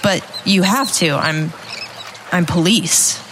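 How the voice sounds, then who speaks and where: A woman's voice: lowish voice, takes it slowly, background noise. A woman with a Midwestern accent voicing a frustrated police constable in a comedy sketch. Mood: exasperated. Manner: pleading and exasperated.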